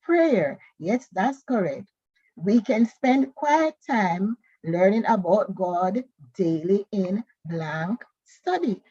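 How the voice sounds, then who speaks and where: A woman teaching a Bible school lesson, reading scripture and worksheet questions slowly and carefully. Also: medium pitch, animated, warm tone, slightly rough, dry recording, dull audio.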